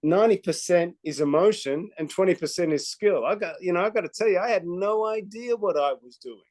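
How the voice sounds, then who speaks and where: A man with a somewhat high voice talks on a video call with restless excitement. He swings between loud, animated bursts and quieter asides. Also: fast talker, few pauses. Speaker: co-host, business mentor. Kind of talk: motivational call talk.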